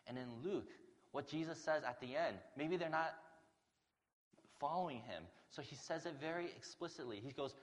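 A man's voice: fairly high pitch, moderate pace, big-room sound. A man preaching a sermon to his congregation in an earnest, conversational way. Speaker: pastor.

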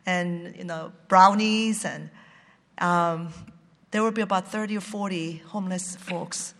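A church language-ministry director telling a personal testimony, halting along with many fillers and restarts. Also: medium pitch, steady tone, fairly bright tone, long reverb tail.

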